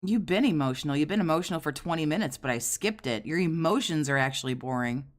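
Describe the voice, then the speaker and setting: Sarcastic low-voiced woman commentator. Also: animated, fast. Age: 40s. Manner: sarcastic, crude, scornful. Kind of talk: mocking commentary over clips.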